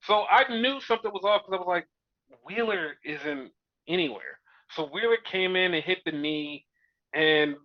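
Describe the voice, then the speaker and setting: High, animated man ranting casually. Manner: animated, profane, exasperated storytelling. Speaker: podcast co-host. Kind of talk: casual wrestling review chat. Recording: dull lo-fi recording.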